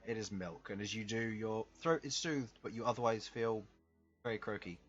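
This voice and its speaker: Unhurried male game master, lo-fi. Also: lowish voice, steady tone. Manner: descriptive, unhurried, chuckling between lines. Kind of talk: narrating a tabletop game. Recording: dull lo-fi sound, faint music.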